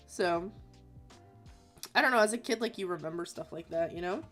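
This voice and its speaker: Woman, casual chat while drawing, animated storyteller, laughs a lot, faint music behind. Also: moderate pace. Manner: animated storyteller who acts out quotes in high squeaky voices; laughs often. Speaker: artist hosting a drawing stream.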